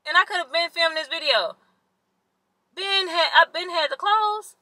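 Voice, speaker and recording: Woman, bright forceful voice, dry close sound, casual vlog chatter. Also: extremely high pitch, moderate pace, no room sound, low-quality recording. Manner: chatty, complaining, addresses viewers as y'all. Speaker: vlogger. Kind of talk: casual vlog chat to camera.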